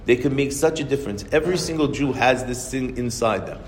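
A man's voice: mid-range voice, fairly quick, big-room sound, noisy background. A man giving a religious talk, telling a story in a conversational, repetitive way with frequent restarts. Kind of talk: sermon-like storytelling.

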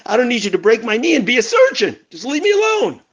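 A man voicing an outraged injured man who pleads and shouts in disbelief, with a husky voice. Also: very high-pitched, wildly swooping pitch, fast talker, lo-fi sound, pitched above the performer's own voice, full character voice. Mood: exasperated.

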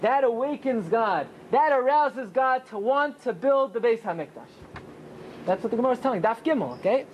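A man teaching a Torah class as a rabbi, often asking rhetorical questions and answering them himself, with pitch that swings high and low for emphasis. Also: animated, normal speed, muffled recording, slight background noise. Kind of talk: Torah class with Talmud study.

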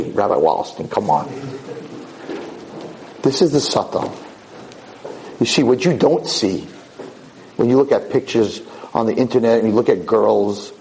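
Mellow-voiced rabbi telling a story. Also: male voice, mid-range voice, low-quality recording. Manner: animated, repeats words for emphasis. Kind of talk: Torah lecture storytelling.

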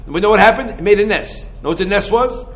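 A high-pitched man delivering an animated Torah lecture. He keeps asking his listeners rhetorical questions and drops Hebrew and Yiddish terms into casual English. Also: quick pace, low-quality recording. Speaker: rabbi teaching Torah.

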